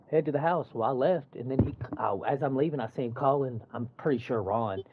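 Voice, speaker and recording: A man's voice: mid-range voice, quick pace, hardly any pauses. A man casually retelling a run-in at work, swearing a lot and acting out what each person said. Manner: profane, animated retelling with quoted dialogue. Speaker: construction worker telling a story. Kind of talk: casual storytelling chat. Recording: dull muffled dry recording.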